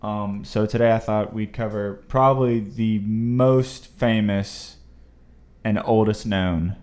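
A man's voice: on the low side, fairly even intonation, slow pace, darkish tone. A young man co-hosting a casual podcast, reading facts aloud from his notes with easy chatter. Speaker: podcast co-host.

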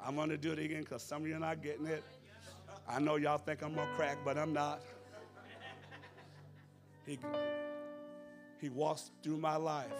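Fervent gravelly preacher, slightly high voice. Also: male voice. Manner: impassioned, swings from hushed to shouting, speaks in tongues. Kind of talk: fervent Pentecostal sermon. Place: church service.

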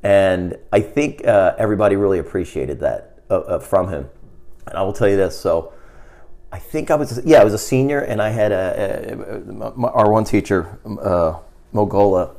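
A man's voice: lowish voice, moderate pace, darkish tone. A middle-aged man telling a school story in casual chat, rambling with restarts and dropping to a mutter in quoted lines.

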